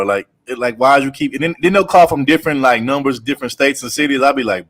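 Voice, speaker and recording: A man talking fast in loose, profane banter, leaning on "bro" again and again. His voice sits at an ordinary middle pitch. He tells stories with lots of energy. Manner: animated storyteller, repeats "bro", swears freely. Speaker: podcast co-host. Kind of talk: casual group chat.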